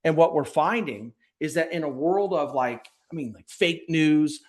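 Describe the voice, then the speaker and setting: A man being interviewed on a podcast, speaking directly and energetically, often acting out quick bits of sales dialogue. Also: a little high. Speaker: podcast guest, sales leader. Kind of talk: conversational interview.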